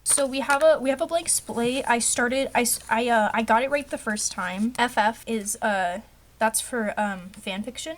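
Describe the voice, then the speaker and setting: Young woman, self-mocking craft vlogger, slightly high pitch, light background noise. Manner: chatty, self-mocking, talks to herself. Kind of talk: casual rambling craft vlog.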